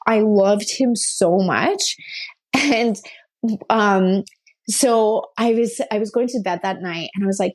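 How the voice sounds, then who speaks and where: A woman guest on a podcast, telling stories in a lively, casual way. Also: medium pitch. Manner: animated, quick-shifting storyteller. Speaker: guest, pet communicator and medium.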